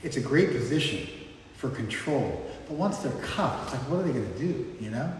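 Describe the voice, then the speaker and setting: A man's voice: mid-range voice, big pitch swings, moderate pace. Man lecturing in an echoey hall. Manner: conversational, explanatory, checks in with "you follow?". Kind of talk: informal class lecture. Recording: echoey hall, mic far off, faint background noise.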